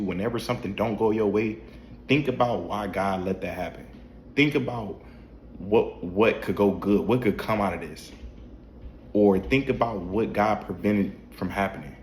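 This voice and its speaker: Deep-voiced, a man addresses the camera from a dim room at home at night, talking casually about faith as a vlogger. He's repetitive and preachy, restarting and tossing out rhetorical questions. The room is echoey, with a little hiss or hum.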